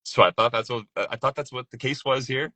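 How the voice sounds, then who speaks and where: A man's voice: mid-range voice, fairly even intonation, fairly quick, pushed and bright, no echo. A man, a voice actor, talking casually as a guest, loose and laid-back and laughing often. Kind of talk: casual conversation.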